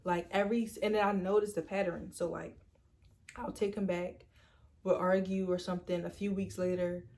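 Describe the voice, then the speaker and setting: A young woman telling a storytime vlog in a chatty, animated way, acting out quoted lines and leaning on "like" and "literally". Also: lowish voice, moderate pace. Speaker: storytime vlogger. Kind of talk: casual storytime.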